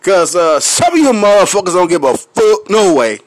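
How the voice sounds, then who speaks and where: A man with a Memphis accent ranting to his viewers, full of cursing, laughing and clearing his throat as he smokes. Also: high-pitched, sing-song, moderate pace, dry recording. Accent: Memphis Southern US. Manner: loud, profane, laughing between lines; smoking, clears throat often. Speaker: vlogger. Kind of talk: profane rant to camera.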